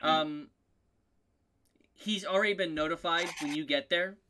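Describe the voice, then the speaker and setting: Bright-voiced male game master. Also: fairly high pitch, unhurried, slight background noise. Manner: rambling, many ums, self-correcting. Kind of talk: narrating a tabletop game.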